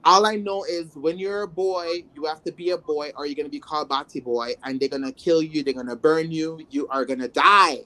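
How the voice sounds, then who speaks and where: A trans woman from Jamaica telling her life story in casual talk, animated and acting out her past thoughts with exclamations. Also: deep voice, brisk, few pauses.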